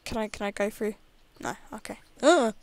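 A woman's voice: mid-range voice, normal speed. A woman playing a video game, chatting casually and reading the in-game dialogue aloud. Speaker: let's play gamer. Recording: loud background noise.

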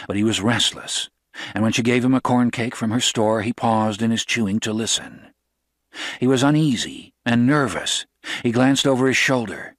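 A man narrating a novel as an audiobook, in a steady, even storytelling voice. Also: medium pitch, no room sound, clean studio sound.

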